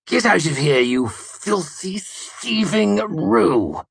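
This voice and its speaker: A man voicing an arrogant young nobleman who shouts and sneers pompously. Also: sits high, lively intonation, slow, vocal fry, husky, dry recording, clean studio sound, voice pushed up, full character voice. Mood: furious, sneering.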